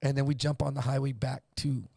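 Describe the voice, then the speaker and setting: A man telling a story in casual chat, animated, acting out voices and swearing freely. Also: medium pitch, brisk, creaky, dry recording, studio quality. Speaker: guest.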